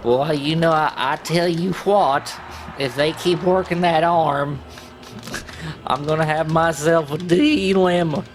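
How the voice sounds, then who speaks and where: A folksy old-school wrestling announcer with a lazy drawl, as a man puts him on. He talks in a slow, unhurried way in a slightly high voice, like a TV ringside booth.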